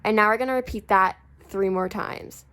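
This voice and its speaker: A young woman hosting a home crafting tutorial. She talks through each step casually and apologizes often, and her voice is a little rough. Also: mid-range voice, normal speed, sharp tone. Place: indoors at home, warm room.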